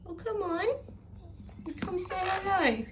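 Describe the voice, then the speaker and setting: A woman's voice: very high-pitched, animated, slow pace, background noise. A woman cooing to her pet parrots in sing-song baby talk for a casual vlog. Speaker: pet owner vlogger.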